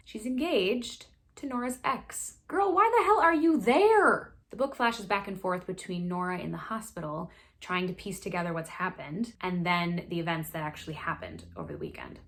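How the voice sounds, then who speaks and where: A woman hosting a casual book recap, chatty and sassy, full of quick asides. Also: mid-range voice, a bit bright. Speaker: book review host.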